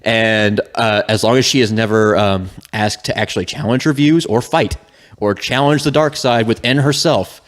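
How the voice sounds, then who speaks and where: A man co-hosting a podcast, recapping a story game in casual chat and breaking into comic voices for the characters. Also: fairly low pitch. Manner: animated, jokey, acts out scenes in quick voices and laughs often. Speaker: podcast co-host.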